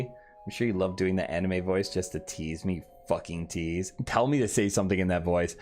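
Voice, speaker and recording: A man's voice: sits low, normal speed, darkish tone. A man casually chatting on a late-night stream, reading chat aloud and swearing offhandedly. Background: faint background music.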